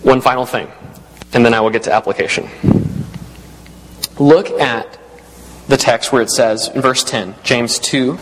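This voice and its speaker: A man's voice: mid-range voice, measured pace, long pauses, a bit bright. A man preaching an expository sermon, reading scripture aloud and repeating key phrases as he explains them. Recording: long reverb in a large hall.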